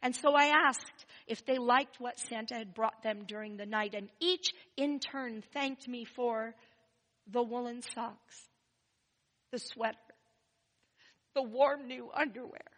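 A woman telling a first-person story, expressive and swinging between loud and hushed. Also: fairly high pitch, slow pace, in a large hall, low-quality recording.

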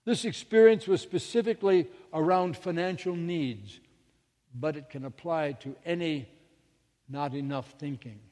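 A man's voice: a little high, measured pace, darkish tone, long reverb tail. A male minister telling a story in a sermon, dramatic, with sudden drops to near-whispers.

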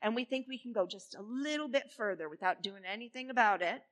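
A woman minister giving a sermon in a church, playful and animated as she leads the congregation. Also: fairly high pitch, fast. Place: church sanctuary. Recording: reverberant church hall.

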